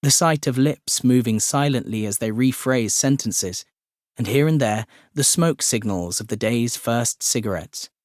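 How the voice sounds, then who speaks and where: Male audiobook narrator, measured mid-pitch delivery, dry booth sound. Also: no room sound. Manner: measured, descriptive. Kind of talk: scripted narration.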